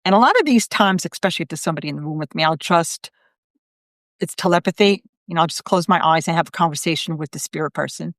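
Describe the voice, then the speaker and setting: Chatty woman, low dry voice. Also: animated, fast talker, a bit bright, no room sound. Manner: chatty, retells conversations with quoted voices, many fillers. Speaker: psychic medium, host of a live video. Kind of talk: casual storytelling on a live stream.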